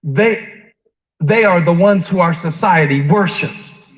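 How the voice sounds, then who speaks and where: A man preaching a conversational sermon. He asks the congregation questions, jokes with them, and shifts between quiet stretches and rising emphasis. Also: high-pitched, takes it slowly. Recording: dull lo-fi sound.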